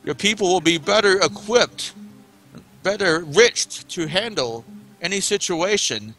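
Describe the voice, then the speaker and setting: A man's voice: high voice, expressive, unhurried, fairly bright tone, soft background music. A man playing a tabletop game, making a long earnest in-character speech. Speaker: player. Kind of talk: in-character tabletop role-play.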